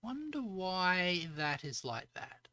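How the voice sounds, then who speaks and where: A woman's voice: on the low side, very animated, slow, sharp tone, dry recording. An Australian woman streaming as a VTuber, thinking aloud as she codes and chatting with viewers in between. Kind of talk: live coding stream chat.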